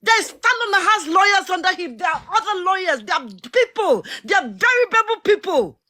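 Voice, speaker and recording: Fiery high-voiced woman. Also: very animated, normal speed. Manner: impassioned, emphatic, at times shouting. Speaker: participant in a live audio discussion. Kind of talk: heated live audio chat.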